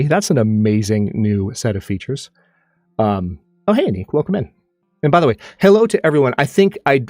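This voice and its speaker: A man hosts his own live stream in loose casual chat, rambling along with frequent restarts. His voice sits somewhat low and sounds dry and close on the mic. Faint music runs under him. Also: darkish tone, no echo. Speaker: streamer and channel host.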